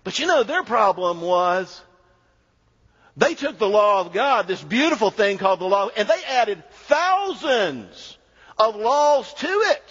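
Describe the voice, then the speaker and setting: A man preaching a sermon as pastor, emphatic and animated, sometimes dropping to a low, quiet delivery. His voice is husky. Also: measured pace. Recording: dull sound with long hall reverb.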